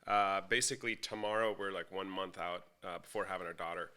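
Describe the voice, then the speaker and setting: A man speaking as a guest on a podcast in a studio, relaxed and easygoing, often filling pauses with "you know" and "like". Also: low-pitched, a loud crowd. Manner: relaxed, laid-back, lots of fillers like "you know" and "like". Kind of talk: casual chat.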